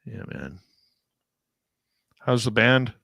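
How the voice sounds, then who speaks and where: A middle-aged man hosting a radio show, chatting casually and warmly calling his guest brother and man. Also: medium pitch, sing-song, drawn-out words, gravelly, dry recording, dull audio. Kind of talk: casual interview chat.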